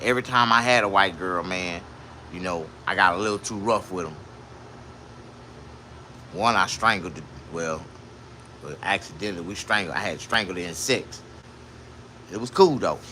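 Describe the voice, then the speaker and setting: A male comedian telling crude, boastful stories full of profanity, often jumping into a much higher voice. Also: normal speed, long pauses, a little hiss or hum. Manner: animated, with sudden jumps to a high voice.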